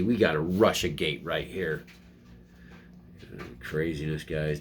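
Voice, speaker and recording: A man's voice: low-pitched, slight background noise. A man hosting a casual political commentary, reading headlines and ranting sarcastically from home, with frequent restarts. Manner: sarcastic, rambling, mocking voices in quotes.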